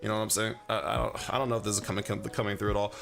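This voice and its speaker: A man's voice: lowish voice, level tone, very fast, creaky, a bit bright, soft background music. A man livestreaming while he paints miniatures, rambling casually with lots of fillers and chuckling as he answers his chat. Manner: rambling and chatty, full of fillers and chuckles, reads chat aloud.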